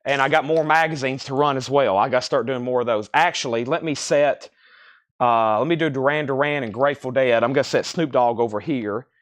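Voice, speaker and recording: A man hosting a live record sale stream, briskly calling out titles and prices, slightly out of breath. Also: mid-range voice, dry recording. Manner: brisk auctioneer-style patter, calling out prices.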